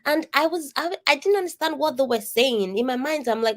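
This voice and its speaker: A woman's voice: high voice, expressive, brisk, fairly bright tone. Nigerian woman, coach, nasal distinctive voice, earnest and direct, video call. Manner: earnest, emphatic, addresses listeners directly. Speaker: coach leading an online session. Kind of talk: interactive coaching talk.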